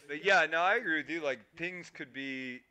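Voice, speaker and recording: A man's voice: a little high, normal speed, sharp tone, smooth. A man co-hosting a casual gaming podcast, explaining things in an emphatic way and swearing casually. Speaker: podcast co-host. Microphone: streaming microphone.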